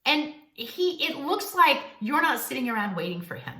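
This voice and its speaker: A woman coaching viewers on dating in a playful, animated advice vlog. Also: sits high, normal speed, roomy sound. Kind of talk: direct-to-camera advice vlog.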